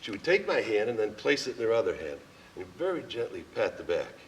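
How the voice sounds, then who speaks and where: Sharing his story in a heartfelt stage monologue, a man chuckles frequently in a lowish, very animated voice at a fairly quick pace. The distant theater recording has faint ambience and a little hiss or hum.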